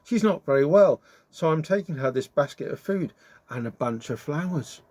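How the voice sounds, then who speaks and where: Brief: innocent little storybook girl, high and eager as a male narrator puts her on. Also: animated, moderate pace, darkish tone, no echo. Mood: cheerful. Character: trusting young girl, cheerful and innocent.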